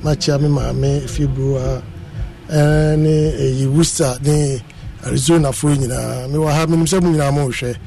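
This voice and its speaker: Relaxed Ghanaian man with a mellow voice. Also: a little high, unhurried, gravelly, rough recording. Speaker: guest. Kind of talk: casual radio chat.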